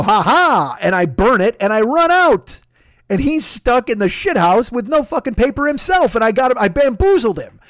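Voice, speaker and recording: A man spins a comic story in a loose, profane way. He hushes down when retelling moments, then rises again with exasperated energy. His voice sits a bit high and the sound is close and dry. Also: dry recording. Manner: profane, animated, swings between hushed retelling and loud exasperation. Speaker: comedian storyteller. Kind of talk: casual comedic storytelling.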